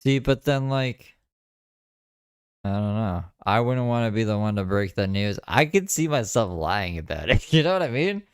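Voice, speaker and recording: Podcast host guy rambling crude commentary, smooth low voice, dry sound. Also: expressive, unhurried, dry recording. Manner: rambling, crude, full of "like" fillers. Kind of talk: casual commentary chat.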